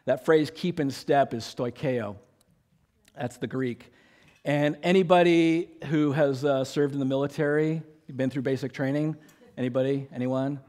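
A male pastor delivering a sermon in a relaxed, conversational way. His voice sits at a middle pitch, and he keeps things light with small jokes. He slips into quick acted-out dialogue as he tells his stories. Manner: conversational, joking, acts out quotes.

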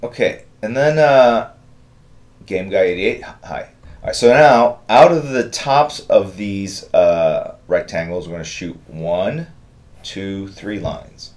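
A middle-aged man hosting a live drawing stream, giving relaxed, rambling step-by-step instructions and thanking viewers in the chat. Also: deep voice, slow. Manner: relaxed, rambling instructions with fillers and chat-reader shout-outs. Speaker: artist hosting a draw-along stream.

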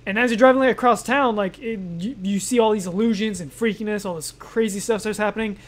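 High-voiced excitable young man gaming. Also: fast talker. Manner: excitable, yelps and shouts at enemies, then calm musing. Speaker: gaming YouTuber. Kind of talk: let's play commentary.

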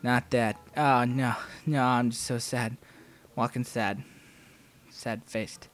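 A man's voice: mid-range voice, steady tone, takes it slowly, a little hiss or hum. A man playing a video game and commenting, rambling goofily and telling jokes. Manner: goofy, rambling joke-telling. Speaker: let's play host. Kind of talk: let's play commentary.

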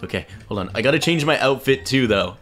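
A young man giving playful, excitable gaming commentary, teasing his friend and talking to the viewers. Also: mid-range voice, fast, soft background music. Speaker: YouTube gamer playing as Melon.

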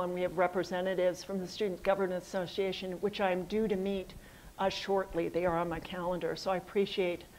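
Woman dean answering questions, slightly hoarse. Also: fairly low pitch, darkish tone, low-quality recording. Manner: thoughtful, with frequent ums and uhs. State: losing her voice a little. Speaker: college dean. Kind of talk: public address with audience Q&A. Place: assembly hall.

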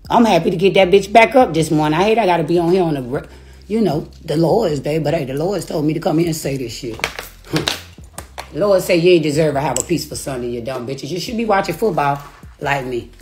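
Faint music plays behind a woman whose voice sits low and darkish as she talks fairly quickly. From her rented house, she livestreams on her phone, hurling profane taunts and laughing between the insults.

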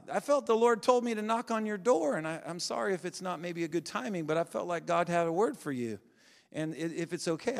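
A man preaching a sermon, telling stories in an animated way that builds to shouted fervor. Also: on the high side. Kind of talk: sermon storytelling. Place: church sanctuary. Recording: long church hall reverb.

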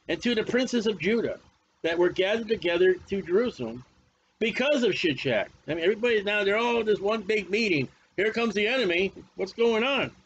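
A man's voice: high voice, fairly bright tone, lo-fi sound, a little hiss or hum. A male preacher teaching a Bible study sermon in a folksy, emphatic way, often repeating his phrases.

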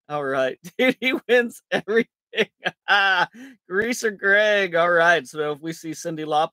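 A man's voice: sits high, lively intonation, slow pace, vocal fry, pushed and bright, no echo, studio quality. A man hosting a live card break stream in casual chat, jokey and self-mocking, rambling with fillers and laughing often.

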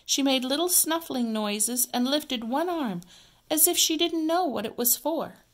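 A woman teacher reading a children's story aloud, clear, expressive and measured. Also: high-pitched.

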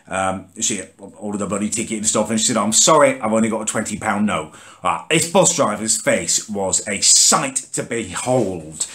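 Guy ranting and swearing to camera, voice jumps up and down all over. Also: lowish voice. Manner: exasperated, sweary, rants with lively rises and sudden drops. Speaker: ranting vlog host. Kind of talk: comic character rant to camera.

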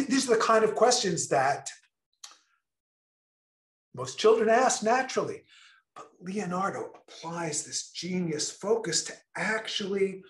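Slow, emphatic man presenting. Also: sits high, echoey room. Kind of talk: online presentation.

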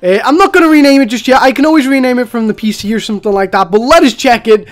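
A man giving chatty, excitable live commentary while he plays a video game as a streamer. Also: very high-pitched, fast talker, few pauses. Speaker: gaming streamer.

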